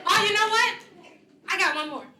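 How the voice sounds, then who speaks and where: A woman, a visiting children's author, leading children at a school assembly in an energetic, coaxing, playful way. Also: very high-pitched, fairly quick, noisy background. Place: large echoey school hall with children. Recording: echoey hall, faint crowd of children.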